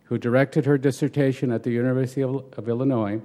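A man's voice: mid-range voice, steady tone, quick pace, warm tone. A man moderating an academic panel, formally introducing the next speaker from a prepared biography.

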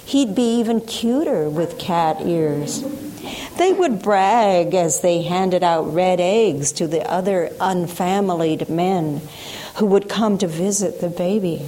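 A woman reading a folk tale aloud in a slow, hushed, measured way. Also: fairly low pitch, slight background noise, low-quality recording. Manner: slow, hushed, measured delivery with voiced quotes. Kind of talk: storytelling reading.

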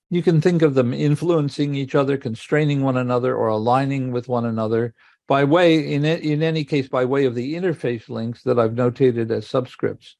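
An older man giving a measured academic lecture, explaining step by step with occasional restarts. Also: medium pitch, gravelly, darkish tone, dry recording.

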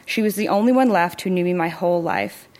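A woman's voice: lowish voice, brisk, a little mellow, lightly acted. A woman reading the lines of a frail, grieving elderly father who sobs and repeats himself. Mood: tender.

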